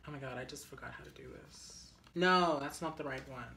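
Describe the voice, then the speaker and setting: A woman's voice: a bass voice, fairly quick, gravelly, sharp tone, a little hiss or hum. A young woman chatting through a craft project, dramatic and self-mocking, gasping and dropping into whispers. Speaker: crafting vlogger.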